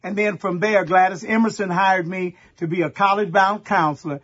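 Husky high-voiced preacher. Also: male voice, fairly even intonation, brisk, fairly bright tone, highs cut off. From Texas. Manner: folksy call-and-response preaching, storytelling with asides to the congregation. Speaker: pastor. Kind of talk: sermon.

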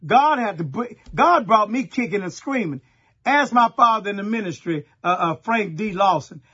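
A middle-aged pastor from Texas, preaching a sermon in a folksy storytelling way and talking straight to the congregation. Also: male voice, sits high, expressive, normal speed, sharp tone, husky, muffled recording.

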